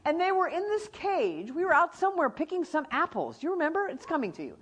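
A woman's voice: very high-pitched, very animated, fast. A middle-aged woman teaching from the Bible, telling stories with energy and acting out animals and friends.

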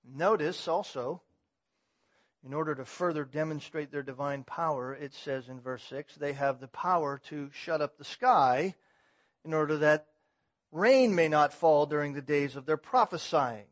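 A man's voice: fairly high pitch, measured pace. A man preaching an expository sermon, verse by verse, building emphasis on key points. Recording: slightly muffled lo-fi sound.

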